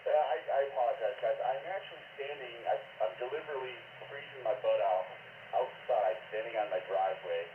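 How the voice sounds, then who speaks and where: A man's voice: mid-range voice, a little fast. Brief: man, mock-formal joker on a noisy, tinny handheld radio with a hollow echo. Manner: jokey, mock-formal banter. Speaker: radio net check-in operator. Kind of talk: casual two-way radio chat. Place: outdoors on a driveway. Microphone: handheld two-way radio.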